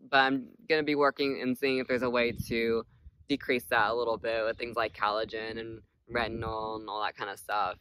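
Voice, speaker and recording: A man's voice: medium pitch, pushed and bright, clear, resonant tone. A man in his late twenties talking casually to camera as a vlogger, hesitant and full of "like" fillers. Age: late 20s.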